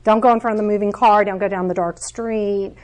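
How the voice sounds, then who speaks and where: A middle-aged woman coach giving a lively, conversational teaching talk to a group, often laughing as she explains. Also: mid-range voice, brisk. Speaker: emotional coach.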